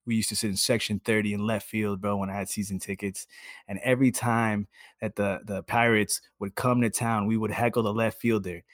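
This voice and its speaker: A man co-hosting a sports podcast, talking in an excited, casual way and slipping into loud shouted bits. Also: on the low side, brisk, no room sound, clean studio sound. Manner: animated, drops into loud shouted impressions. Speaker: podcast co-host. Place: at home.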